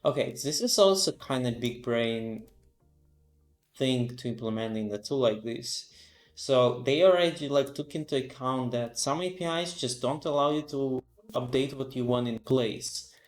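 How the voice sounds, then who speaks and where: A man's voice: mid-range voice, a little slow, echoey room, faint music behind. A sleepy man live-streaming, thinking aloud with lots of fillers as he reads documentation and reacts. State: sleepy, yawning. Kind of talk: casual live-coding stream.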